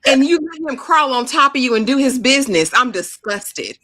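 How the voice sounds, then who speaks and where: A woman's voice: high voice, lively intonation, normal speed, sharp tone, no room sound. A woman co-hosting a live recap of a reality show, giving blunt, sassy, exasperated commentary. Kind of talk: casual live recap chat.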